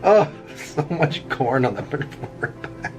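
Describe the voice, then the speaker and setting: A man's voice: on the high side, big pitch swings, unhurried, a little mellow. A middle-aged man chatting casually while drawing, rambling through a story and chuckling often at his own jokes. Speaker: vlogger. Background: faint background music.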